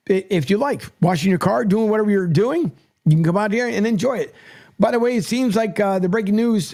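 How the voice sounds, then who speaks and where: A man's voice: high voice, gravelly, darkish tone. A man hosting sports radio in a casual, rambling monologue from a studio mic, stumbling and restarting often. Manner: rambling, stammers and restarts, chatty.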